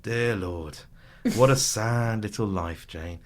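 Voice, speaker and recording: A man's voice: fairly low pitch, very animated, fairly quick, a bit bright. A man quoting a pompous male dinner-party host who hurls cutting insults at a rival. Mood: scornful.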